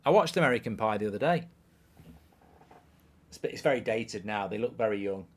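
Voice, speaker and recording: A man's voice: lowish voice, animated, fairly quick. A man in his thirties hosting a live football watchalong, casually chatting and reading viewer questions aloud in a dry, offhand way. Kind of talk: casual live-stream chat reading comments.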